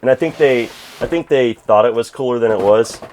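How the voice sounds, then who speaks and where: A man's voice: mid-range voice, fairly quick, darkish tone, slight background noise. A man in his thirties, a game collector chatting casually at home, rambling with lots of fillers and restarts. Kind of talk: casual interview chat.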